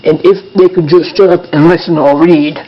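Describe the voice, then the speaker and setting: A man's voice: fairly high pitch, steady tone, normal speed, muffled recording, natural voice. A man voicing a grumpy male puppet who rants angrily in a puppet show monologue, with apologetic asides. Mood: angry. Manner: angry ranting, apologetic asides.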